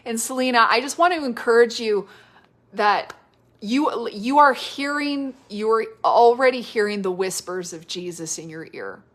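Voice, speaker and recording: On a live stream, a woman with a mid-range voice delivers spontaneous prophetic words through her device mic. Her speech is tender and stop-start, full of repeated phrases, with "like" and "you know" filling the silences.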